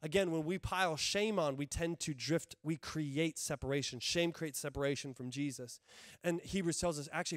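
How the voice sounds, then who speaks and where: Brief: male pastor, higher voice, emphatic and repetitive preaching, dry close sound. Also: no echo. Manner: emphatic, repeats key phrases, asks the congregation questions. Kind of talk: sermon.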